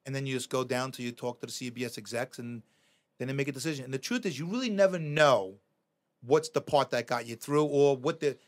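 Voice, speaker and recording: A middle-aged man, a podcast guest telling animated stories, swearing freely and acting out quoted lines. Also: mid-range voice, brisk. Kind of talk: casual storytelling.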